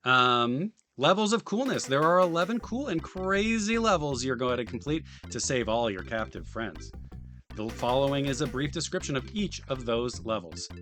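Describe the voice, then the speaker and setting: A man's voice: medium pitch, sing-song, moderate pace, sharp tone, faint music behind. Man reading a manual with dry asides. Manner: reads in a mock-enthusiastic voice, then drops to dry muttered asides. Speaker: streamer reading a game manual aloud. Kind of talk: casual live-stream reading with asides.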